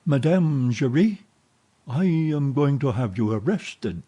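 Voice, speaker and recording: A man's voice: mid-range voice, lively intonation, slow pace, mellow, husky, pitched above the performer's own voice. A man voicing a blustering middle-aged opera manager in an audiobook, roaring and threatening. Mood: furious. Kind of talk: audiobook character voice.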